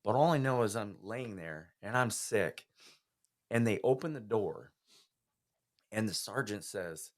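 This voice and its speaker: A man's voice: fairly low pitch, lively intonation, a little slow, pauses often. A man, a podcast guest, giving an earnest, heartfelt personal testimony in an interview.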